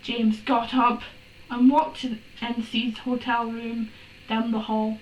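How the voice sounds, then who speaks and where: A woman's voice: fairly high pitch, flat delivery, slow. A woman reading a story aloud for laughs, breaking off with exasperated, sarcastic asides and swearing. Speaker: fanfiction reader. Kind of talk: comedic dramatic reading with commentary. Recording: roomy room, distant from mic, faint hiss.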